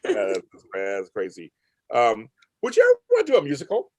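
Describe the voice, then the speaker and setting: Lively, expressive male interview host. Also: mid-range voice, normal speed, no room sound. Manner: enthusiastic, rambling, repeats himself. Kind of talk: casual interview chat. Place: Los Angeles.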